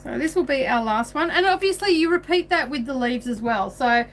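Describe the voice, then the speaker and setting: Chatty woman, high voice. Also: expressive, fairly quick. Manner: chatty, laughs often. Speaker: craft livestream host. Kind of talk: casual craft tutorial. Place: home sewing room.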